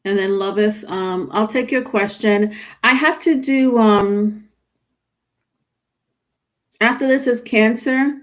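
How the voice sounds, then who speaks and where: A woman with a fairly high voice reads tarot on a live stream, speaking slowly and pausing often. She chats casually with viewers, reading their comments aloud and calling them honey.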